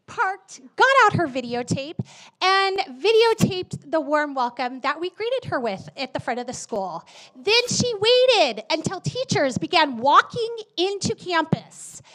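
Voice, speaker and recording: Indignant teacher with a high, lively voice. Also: female voice, low-quality recording. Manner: indignant, accusing. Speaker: teacher speaking at public comment. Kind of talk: public comment speech.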